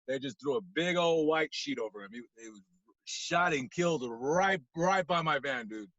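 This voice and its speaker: A man, a podcast guest, animatedly telling a story, acting out scenes and swinging from hushed to loud. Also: a little high, lively intonation, normal speed, dry recording, highs cut off.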